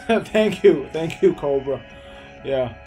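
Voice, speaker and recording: A man's voice: on the high side, animated, slow pace, dark tone, faint music behind, rough recording. Laid-back young man. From Hempstead, New York. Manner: loose, rambling, laughs often, answers chat. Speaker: live streamer. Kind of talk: casual live-stream chat.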